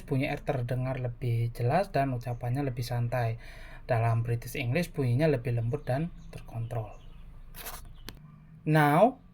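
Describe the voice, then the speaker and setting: A young man with an Indonesian accent, a native Indonesian speaker, giving a scripted class presentation and reading carefully with hesitant fillers. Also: fairly high pitch. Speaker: student presenter.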